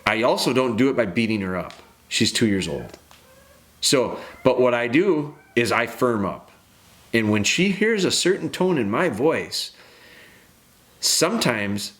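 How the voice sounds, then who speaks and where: A fairly low-voiced man in his thirties hosts a dog-training podcast. He rants bluntly with plenty of emphasis, restarts his sentences and speaks straight to his listeners. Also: a bit bright. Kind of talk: ranting podcast monologue.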